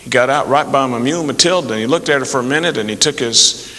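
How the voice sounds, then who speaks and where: A man telling folksy jokes to an audience in an unhurried way, slipping into voices for the people in them. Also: medium pitch, bright, forceful tone. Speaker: storyteller. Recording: long hall reverb.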